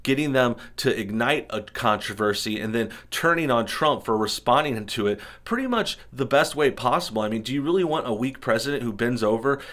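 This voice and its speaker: A man's voice: mid-range voice, expressive, a little fast, few pauses, fairly bright tone. A man hosting an opinionated commentary show, talking indignantly in a string of rhetorical questions. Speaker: political commentary host. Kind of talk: opinionated commentary over news clips.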